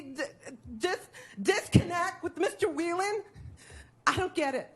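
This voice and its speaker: A woman's voice: very high-pitched, a little slow. An older woman, speaking with passion and indignation during public comment at a city board meeting. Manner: impassioned, indignant, emotional.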